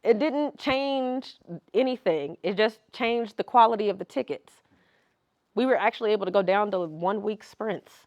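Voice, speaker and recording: A woman speaking as guest presenter at a tech meetup, talking casually and acting out questions in an animated way. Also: mid-range voice, normal speed, highs cut off. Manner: animated, conversational, acts out questions. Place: meetup room.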